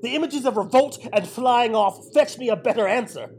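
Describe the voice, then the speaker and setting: A man's voice: very high voice, moderate pace, a little mellow, slight background noise, low-quality recording. An actor playing an aged, proud and grief-stricken king in an audio drama, swinging from bellowing rage to broken murmurs. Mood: furious. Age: older.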